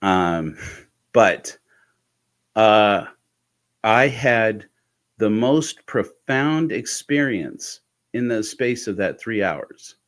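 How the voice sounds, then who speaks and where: Low-voiced man telling a candid personal story. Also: expressive. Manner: halting, with frequent restarts and soft laughs; candid, intimate. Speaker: host of a personal podcast talk.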